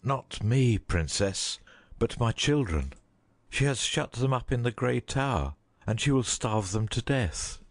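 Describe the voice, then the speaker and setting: A man voicing a loyal huntsman torn between duty and mercy, in a slow, heavy, pleading delivery. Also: medium pitch, lively intonation. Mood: grieving.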